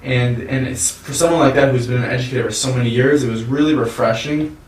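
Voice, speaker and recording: A man's voice: medium pitch, quick pace. A man co-hosting a show, talking in an earnest, reflective way and repeating words as he thinks. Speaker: podcast co-host. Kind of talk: casual chat. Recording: roomy sound from a distant mic.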